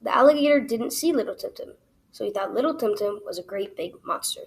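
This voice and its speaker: A woman reading her own children's story aloud as the storyteller, in an expressive, animated way. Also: a little high, brisk, poor audio.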